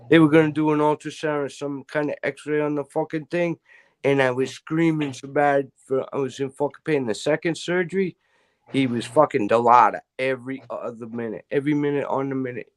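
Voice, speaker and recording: Foul-mouthed guy rambling through stories, middle-aged, ordinary pitch. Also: a little fast. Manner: profane, rambling storyteller. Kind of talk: casual chat.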